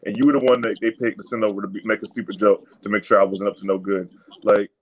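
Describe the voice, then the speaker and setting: A young man on a casual podcast chat, telling stories with lively acted-out quotes. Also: lowish voice, quick pace, poor audio. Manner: animated storytelling, acts out the people he quotes. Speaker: podcast co-host.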